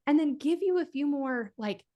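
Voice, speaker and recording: A woman's voice: high-pitched, moderate pace. A woman, an author, on a podcast as a guest, talking casually and with energy while she walks through advice step by step. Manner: energetic, lays out steps, many fillers like "like".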